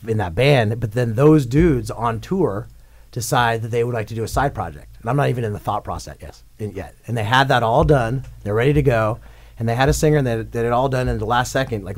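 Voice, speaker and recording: A man, a rock singer, telling stories as a guest in a radio studio, rambling and excitable as he acts out what others said. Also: on the low side. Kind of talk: casual storytelling interview.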